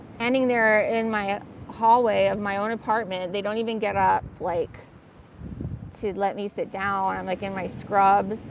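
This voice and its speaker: A woman's voice: medium pitch, poor audio. A woman telling a rambling personal story in a casual, filler-heavy way. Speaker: vlogger. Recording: loud wind noise on mic.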